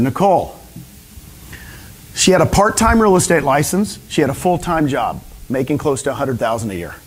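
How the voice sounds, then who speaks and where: A man giving an energetic motivational seminar talk to a live audience, often asking them questions. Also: a little high, husky. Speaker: speaker at a real estate training session.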